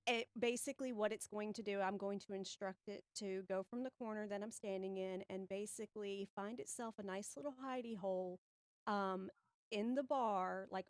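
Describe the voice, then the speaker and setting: A woman's voice: mid-range voice, a little fast, no room sound, clean studio sound. Brief: woman player, matter-of-fact, describing a ritual in a tabletop game. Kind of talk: tabletop game play, explaining moves.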